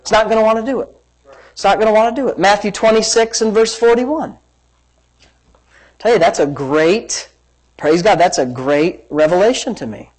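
A pastor preaching to a church congregation, energetic and emphatic, repeating phrases and asking rhetorical questions. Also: mid-range voice, normal speed, long pauses, rough recording. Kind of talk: sermon. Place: church service.

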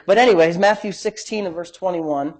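A man's voice: high-pitched, a little fast. A man pastor preaching a sermon in an emphatic, exclamatory way.

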